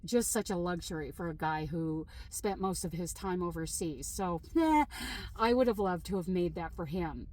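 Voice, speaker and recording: A woman's voice: lowish voice, normal speed, a little mellow, slight background noise, low-quality recording. A middle-aged woman chatting casually to her viewers as a crochet vlogger, laughing often as she tells stories. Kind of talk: casual chat to camera.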